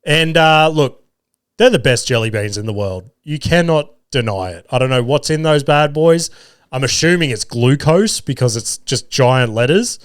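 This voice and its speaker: A man's voice: mid-range voice, expressive, moderate pace, clear, resonant tone, no echo, clean studio sound. Australian man rambling through a story. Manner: rambling, swears freely, self-deprecating humour. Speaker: podcast host. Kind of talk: casual storytelling monologue.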